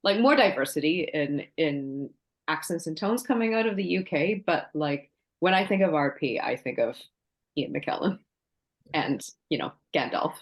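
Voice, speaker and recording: A woman's voice: low-pitched, lively intonation, normal speed. A woman on a webinar, speaking hesitantly with many fillers. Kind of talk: webinar discussion.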